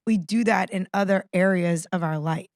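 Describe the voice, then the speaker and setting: A woman in her thirties co-hosting a podcast, talking in an animated, fired-up, ranting way. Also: mid-range voice, normal speed, dry recording, clean studio sound. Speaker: podcast co-host. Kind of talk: casual podcast chat.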